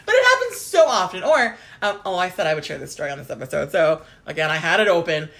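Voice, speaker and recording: A woman's voice: fairly low pitch, sing-song, fast, a bit bright, a little hiss or hum. A young adult woman co-hosting a casual chat podcast, telling stories with plenty of swearing and laughter. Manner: storytelling, swears freely, laughs often. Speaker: podcast co-host.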